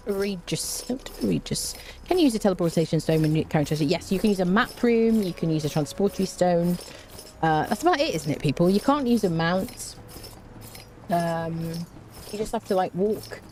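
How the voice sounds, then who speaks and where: Slight background noise accompanies a woman's casual gameplay stream, where she chats, hums small tunes, mutters to herself, and jokes with enemies and viewers alike. She speaks at a moderate pace in a fairly low, dark-toned voice.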